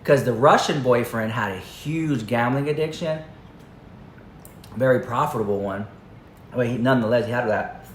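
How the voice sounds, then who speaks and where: Chatty man rambling in an echoey room. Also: medium pitch. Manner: chatty, rambling, filler-heavy. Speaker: commentary vlogger. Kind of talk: casual storytelling to camera. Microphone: camera. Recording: echoey room, faint noise.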